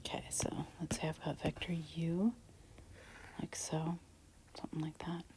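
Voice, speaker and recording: A woman teaching a math lesson, talking softly and half-whispered with a breathy voice while she writes. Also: deep voice, level tone, a little slow, rough recording. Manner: soft, half-whispered explaining while writing. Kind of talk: recorded math lecture.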